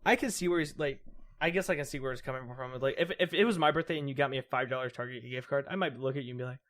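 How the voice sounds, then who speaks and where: A man's voice: mid-range voice, rapid-fire, fairly bright tone. A young man co-hosting a podcast in casual chat, rambling with many fillers and restarts. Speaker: podcast co-host.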